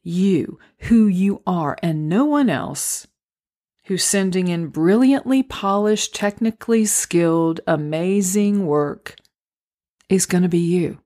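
A woman hosting a solo podcast, talking through acting auditions in a gentle, encouraging, unhurried way. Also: fairly low pitch, animated. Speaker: podcast host and acting coach. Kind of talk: reflective solo podcast talk. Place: home, recorded near a street.

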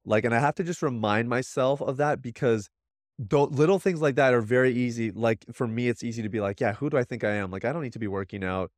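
A brisk man in his thirties with a medium-pitched voice, recorded clean in a studio with no room sound. He's a podcast guest speaking earnestly and reflectively in casual conversation, restarting often.

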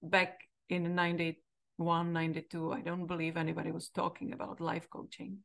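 A woman's voice: on the low side, completely flat delivery, normal speed, vocal fry. A middle-aged woman from the Czech Republic with a Czech accent, a podcast host telling a candid, reflective personal story. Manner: candid, reflective, quoting herself with emotion.

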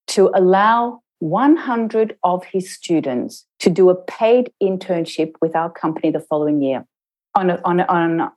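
A middle-aged woman intercultural trainer reflects on her experience in an interview. Her voice sits fairly low and sounds warm and mellow. She talks in a measured way and slows down to stress her points. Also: low-quality recording.

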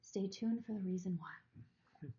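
A woman's voice: medium pitch, steady tone, slow, mellow, roomy sound, muffled recording. A woman co-hosting a podcast who tells a personal story to her partner in an earnest, emotional, rambling way. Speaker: podcast co-host.

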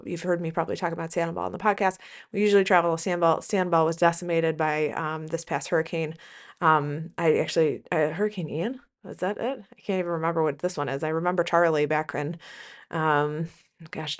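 Chatty woman podcaster with vocal fry. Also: lowish voice. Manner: rambling, chatty, with frequent fillers and self-corrections. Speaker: podcast host and business coach for nurses. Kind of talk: casual podcast monologue.

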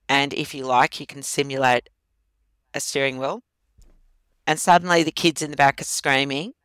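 A woman's voice: low-pitched, a bit bright, clear, resonant tone, dry recording. A woman guest in a casual interview, talking through a laughter exercise and laughing often.

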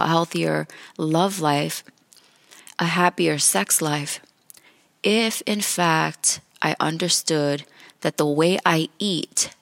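A woman's voice: low voice, gravelly, no echo. A woman hosting a podcast, talking casually and chattily, laughing and correcting herself as she goes. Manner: chatty, laughs often, self-correcting asides. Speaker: podcast host. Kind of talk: casual solo podcast talk.

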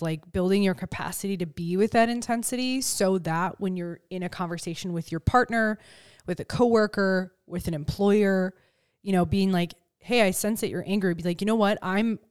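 A woman hosting a casual podcast chat close to the mic, animated and acting out quoted lines. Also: medium pitch, moderate pace, smooth. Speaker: podcast host. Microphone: close studio mic.

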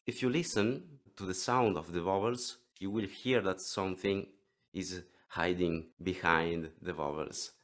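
A man in his thirties with an Italian accent, explaining throat singing in an interview lesson, halting and often restarting his words. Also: sits low, a bit bright. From Italy. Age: 30s.

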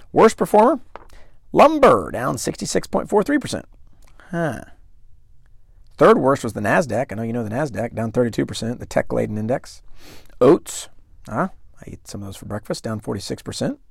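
A man's voice: medium pitch, gravelly, dry recording, studio quality. A man hosting a solo investing podcast, talking conversationally and emphatically and putting questions to the listener. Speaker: podcast host.

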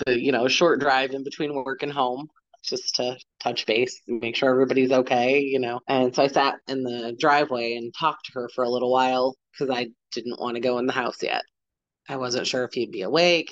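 A woman in her forties, a podcast guest, telling a personal story in a halting way, retelling what people said. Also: rumbling low, no room sound, muffled recording. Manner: halting, retells dialogue with "I'm like".

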